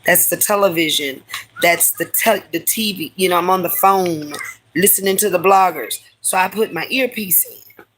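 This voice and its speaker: Woman, live stream host, heated storyteller, profane slang, bright voice. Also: lowish voice, normal speed, slight background noise, low-quality recording. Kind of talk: casual storytelling to a live audience.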